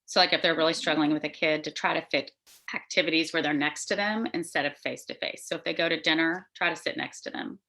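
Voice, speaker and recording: A woman's voice: sits low, steady tone, quick pace, bright, forceful tone. A woman adding her own examples in a casual discussion. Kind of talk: casual panel talk.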